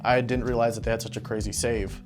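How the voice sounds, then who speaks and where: An eager man chats through his turn in a tabletop game, reacting quickly to his opponent's moves. His pitch is ordinary, with faint music playing beneath him. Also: level tone. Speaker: tabletop wargame player, co-host. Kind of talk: casual chat during a battle report.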